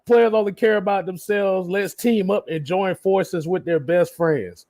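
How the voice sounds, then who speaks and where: A man hosting a casual livestream, reading out viewer comments in a relaxed way, often laughing and repeating himself. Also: high-pitched, measured pace, few pauses. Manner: laid-back, laughs often, repeats words. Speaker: livestream host.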